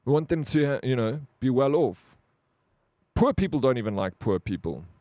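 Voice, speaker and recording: South African male streamer, mid-pitched, blunt and profane, dry close mic. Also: sing-song, moderate pace, warm tone, dry recording. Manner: blunt, profane, rambling with frequent "bro". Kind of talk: casual live-stream chat.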